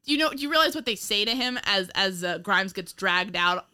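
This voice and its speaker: A woman's voice: mid-range voice, lively intonation, brisk, sharp tone. A woman co-hosting a casual chat about an old TV show, rambling and giggling often. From United States. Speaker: podcast co-host.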